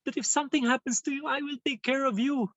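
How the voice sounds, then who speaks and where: A man's voice: very high-pitched, fairly even intonation, fast talker, fairly bright tone, lo-fi sound, voice pushed up. A man voicing an emotional teenage boy student who makes earnest, pleading promises. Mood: earnest, moved.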